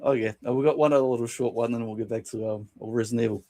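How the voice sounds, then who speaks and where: A man co-hosting a casual podcast, reading and retelling funny anecdotes from a book, laughing often and doing quick voices for quotes. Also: mid-range voice. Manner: laughs often while telling stories, animated voices for quotes. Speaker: podcast co-host.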